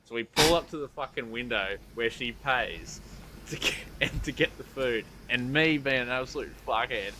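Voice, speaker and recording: A man's voice: mid-range voice, normal speed, noisy background. An Australian man co-hosting a podcast, telling a crude story in casual chat, swearing freely and laughing as he goes. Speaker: podcast co-host.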